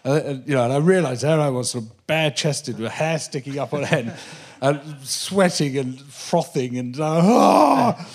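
A man, a guest on a live interview show on a theatre stage, telling an animated anecdote with many restarts and laughs. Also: medium pitch, moderate pace. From Britain. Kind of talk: live comedy-podcast interview, storytelling.

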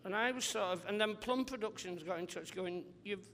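A male comedian guest on a live podcast interview, telling rambling, animated anecdotes and acting out other people's voices. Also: sits high, brisk, big-room sound, slight background noise.

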